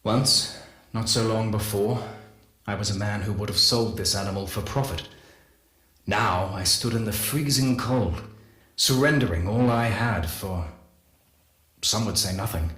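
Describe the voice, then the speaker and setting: A slow, grave scientist confessing. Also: male voice, lowish voice, a bit bright, echoey room. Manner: measured, grave, reflective. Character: solemn male scientist confessing in an audio log. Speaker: morphology specialist. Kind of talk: game audio log narration.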